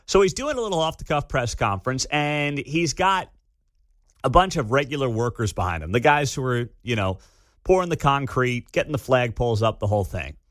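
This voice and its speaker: A man hosting a talk radio show, giving opinionated commentary in a conversational, animated, slangy way. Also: medium pitch, brisk, dry recording, studio quality.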